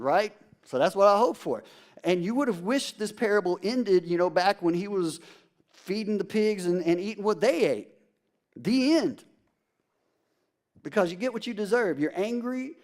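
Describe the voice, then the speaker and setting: A man's voice: on the high side, darkish tone. A man preaching a sermon as a pastor, emphatic and conversational, addressing the congregation directly.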